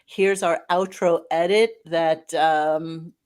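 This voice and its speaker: A woman with a slightly low voice hosts a live stream in casual chat. She talks in a chatty, teasing way and reads comments from viewers aloud. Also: fairly even intonation, slow pace, darkish tone. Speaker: podcast host.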